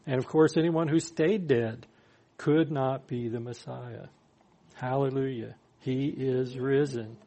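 Speaking slowly in a warm, mid-range voice with fairly even intonation, a pastor delivers a sermon. He reads each verse aloud before explaining it with dry humor.

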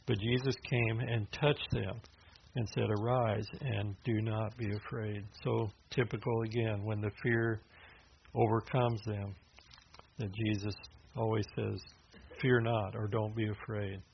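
A pastor with a gravelly, flat voice preaches at a measured pace, explaining scripture in a loose, conversational style full of restarts and filler words. The audio is dull and low-fidelity, with a faint hiss.

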